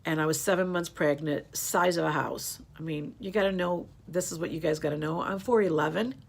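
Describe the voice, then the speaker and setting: A woman's voice: low voice, brisk, gravelly, slight background noise. A woman in her fifties chatting casually to camera, rambling and turning emotional as she talks. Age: 50s. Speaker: beauty YouTuber. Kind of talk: casual tag video chat.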